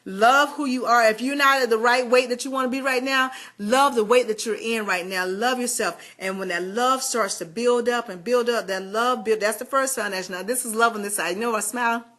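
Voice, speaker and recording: A woman from Georgia with a Southern American accent giving a chatty, animated motivational talk straight to her viewers. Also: on the high side, fairly quick, few pauses. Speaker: motivational vlogger.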